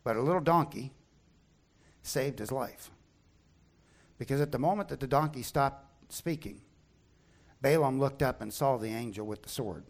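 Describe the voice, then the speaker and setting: A man preaching a sermon, retelling a Bible story in an animated way and acting out the characters' lines. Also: medium pitch, normal speed, vocal fry, pauses often. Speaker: pastor.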